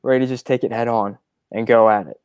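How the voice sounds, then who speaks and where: Smooth-voiced young man, close and dry. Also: mid-range voice, fairly even intonation, fast talker, darkish tone, dry recording. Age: 20s. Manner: reflective, sincere, with small hesitations. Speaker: son and co-host. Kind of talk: casual storytelling.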